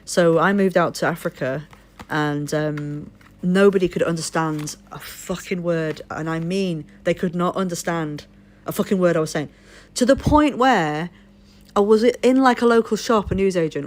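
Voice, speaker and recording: A woman from Leeds, England with a posh English accent, chatting on a live stream and telling rambling stories full of swearing. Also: on the low side. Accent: posh southern English. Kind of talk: casual chat.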